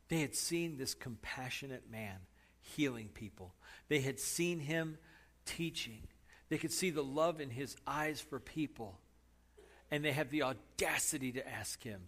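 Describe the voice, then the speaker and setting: A man preaching a sermon, dramatic, dropping to hushed asides and rising to emphatic points. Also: mid-range voice. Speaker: pastor.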